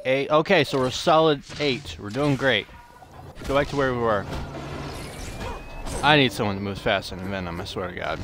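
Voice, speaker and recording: A man's voice: medium pitch, gravelly, fairly bright tone, a little hiss or hum. A young man hosting a casual let's-play, cracking jokes to himself and swearing as he plays. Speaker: gaming channel host.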